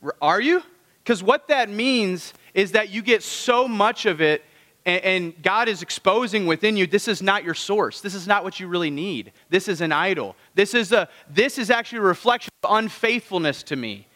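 A man's voice: high voice, expressive, moderate pace, pushed and bright, in a large hall. A man preaching a conversational sermon. He keeps asking the congregation rhetorical questions. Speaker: pastor.

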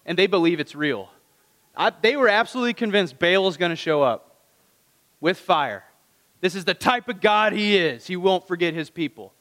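Pastor, man, high-pitched, lively storyteller voicing the characters, church hall reverb. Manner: animated storytelling, acting out the characters' lines. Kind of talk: sermon. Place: church room.

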